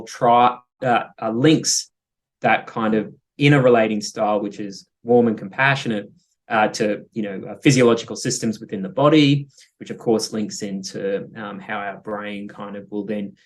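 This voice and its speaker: A man's voice: on the low side, normal speed. A man speaking as a guest psychologist in an interview, thoughtful and hesitant, with many fillers and light laughs. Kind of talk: interview conversation.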